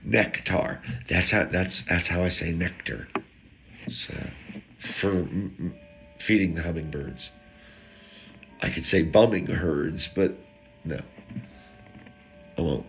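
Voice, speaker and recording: A man's voice: low voice, takes it slowly, long pauses, soft background music. A man, a podcast host, telling a casual comic story and acting out the people in it. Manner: animated, acts out quoted people, jokes about word sounds.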